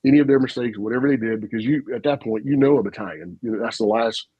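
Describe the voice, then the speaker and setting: A man, a retired army officer, telling stories in an animated, folksy way on a casual podcast. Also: medium pitch, fast, slightly rough, no room sound, dull audio. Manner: animated, folksy storyteller with frequent asides and laughs.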